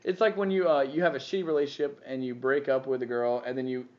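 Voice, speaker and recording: A man's voice: mid-range voice, fairly even intonation, fast talker, a little mellow. Rambling foul-mouthed male podcast host. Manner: rambling, swearing, laughing often. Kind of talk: casual crude podcast banter. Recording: muffled lo-fi with faint hiss.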